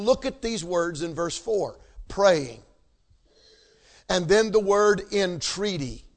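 A man preaching a sermon, emphatic, repeating key words and checking in with the congregation. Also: high voice. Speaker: pastor.

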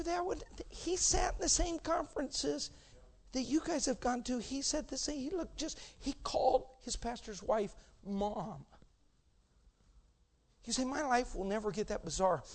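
A middle-aged man preaching a sermon as pastor, swinging between loud shouting and hushed storytelling, and acting out the voices he quotes. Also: high voice.

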